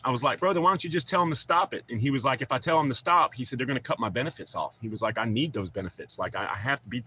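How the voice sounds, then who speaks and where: A man's voice: mid-range voice, rapid-fire, pushed and bright, slightly rough. A man hosting a casual livestream, telling long rambling stories, swearing freely and chatting with viewers he calls brother. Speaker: livestream host. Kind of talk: casual livestream chat, reading chat aloud.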